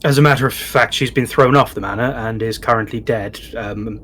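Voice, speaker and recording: Casting: courteous British man at the game table, genteel and unhurried. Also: mid-range voice, fairly bright tone. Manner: polite, genteel, drawn out. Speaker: player. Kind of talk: in-character role-play.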